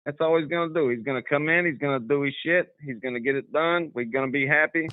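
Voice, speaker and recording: A man with a Southern twang putting on a brash, loud New Yorker voice for a radio call-in skit. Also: a little high, quick pace, no room sound, close to an everyday voice. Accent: Southern US twang slipping through. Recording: tinny phone line.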